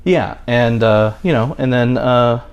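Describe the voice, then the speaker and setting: A man's voice: medium pitch, a little slow, smooth, dull audio. A man in his thirties co-hosting a podcast in casual chat, rambling with many fillers and restarts. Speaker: podcast co-host.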